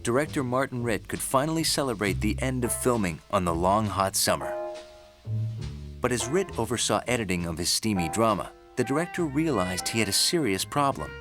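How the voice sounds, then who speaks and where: A man narrating a film history documentary in a measured, scripted storytelling style. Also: lowish voice, expressive, over music.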